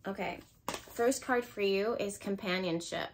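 A woman giving a tarot reading, speaking in an intuitive, emotional way. She thinks aloud as she turns the cards, and her voice sits at an ordinary middle pitch. Now and then she breaks into quick bursts of excitement. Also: a little hiss or hum. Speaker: tarot card reader. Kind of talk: intuitive pick-a-card reading.

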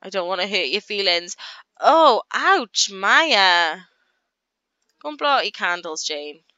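Chatty lady playing a life sim, crisp voice, dry close lo-fi mic. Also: on the low side, sing-song, sharp tone, no room sound. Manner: chatty, voices her characters in quick asides. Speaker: gaming YouTuber. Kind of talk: casual gameplay commentary.

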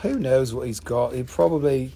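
A live-stream seller of rocks and crystals who talks in a casual, joking, profane and excitable way. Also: medium pitch, moderate pace, creaky, a little hiss or hum. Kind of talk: casual live sales chat.

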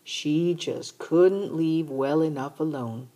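A woman reading a children's novel aloud in a steady first-person narration. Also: deep voice, slow pace. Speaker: audiobook reader. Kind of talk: storybook narration.

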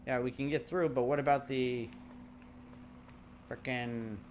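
A man's voice: medium pitch, fairly even intonation, unhurried, background noise. A man doing casual gameplay commentary, joking, swearing and laughing at the game as he plays. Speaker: let's play commentator.

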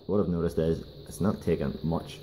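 A man giving a casual hands-on workshop demonstration, talking in a halting way with many fillers and restarts. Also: deep voice, steady tone, noisy background. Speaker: DIY car repair video host.

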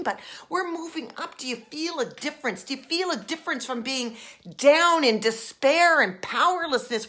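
A woman life coach giving a demonstration, acting out each emotion in the first person with repetitive, expressive phrasing. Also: high voice.

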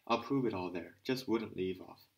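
A man's voice: low voice, moderate pace, dull audio. A man doing a grumbling older workman. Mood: complaining. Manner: muttering, complaining.

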